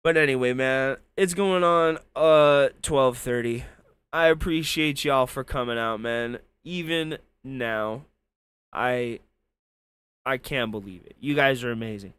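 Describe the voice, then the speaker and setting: A man's voice: mid-range voice, unhurried, fairly bright tone, smooth, no echo. A man hosting a casual livestream. He comments with profane, mocking rants and then signs off to his viewers. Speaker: stream commentator.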